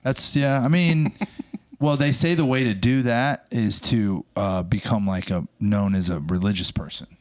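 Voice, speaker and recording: A young man in a laid-back podcast chat, tossing in quick agreeing remarks and asides. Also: fairly low pitch, steady tone. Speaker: podcast co-host.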